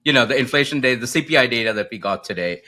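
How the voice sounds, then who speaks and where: A man co-hosts a relaxed markets podcast with a bright, clear tone. He explains economic data step by step and leans on rhetorical checks like "right?" His pitch sits in an ordinary middle range. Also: racing. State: coughing, slightly choked up. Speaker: co-host, macro strategist. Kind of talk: casual market podcast chat.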